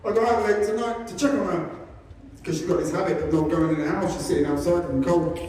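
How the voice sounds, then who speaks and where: A man's voice: a little high, fairly even intonation, fast talker, a little mellow. A man, an animal sanctuary founder, giving a humorous public talk with wry, self-deprecating storytelling. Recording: echoey hall, distant mic, faint noise.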